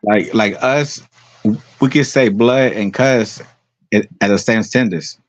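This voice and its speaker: A man's voice: on the low side, slow pace, no room sound. A man from the Bay Area with Bay Area slang, talking in a laid-back, slangy casual chat. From Bay Area, California. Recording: dry, lo-fi audio.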